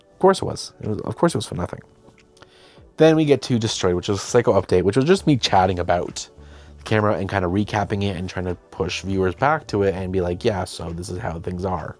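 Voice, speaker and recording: A young man hosting, casually telling a behind-the-scenes story, chatty and self-deprecating, often quoting himself and others. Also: deep voice. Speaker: host.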